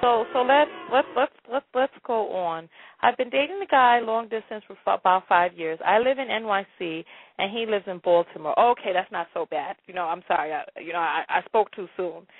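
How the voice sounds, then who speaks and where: A woman's voice: mid-range voice, a little fast, slightly rough, dry recording. A woman hosting a live call-in advice show, stammering through repeats and breaking into laughter and dramatic exclamations. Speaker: radio advice show host. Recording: tinny phone-like line.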